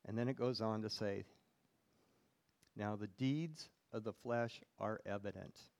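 A man's voice: lowish voice, measured pace, vocal fry, a little mellow. A male pastor preaching a sermon in church, reading scripture aloud and putting questions to the congregation.

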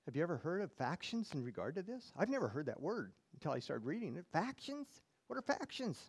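A man's voice: a little high, big pitch swings, fast, darkish tone, breathy edge. A male pastor preaching a sermon in church, reading scripture aloud and putting questions to the congregation.

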